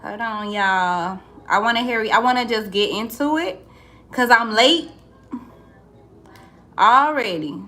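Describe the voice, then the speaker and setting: A woman's voice: a little high, slow, pauses often, sharp tone. A woman chatting casually on a livestream, greeting viewers by name and calling them y'all. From St. Louis. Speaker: livestream host and entrepreneur.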